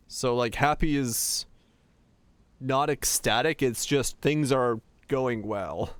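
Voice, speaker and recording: A man's voice: medium pitch, slow pace, clean tone, no echo. A young man from Finland, chatting casually with his viewers while streaming a game, rambling with lots of restarts and fillers.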